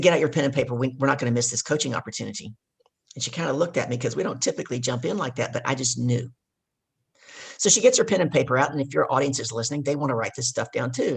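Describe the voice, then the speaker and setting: A woman's voice: a bass voice, breathy edge. A woman guest and life coach telling a coaching story with energy, hammering home her key points. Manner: emphatic, repeats key points.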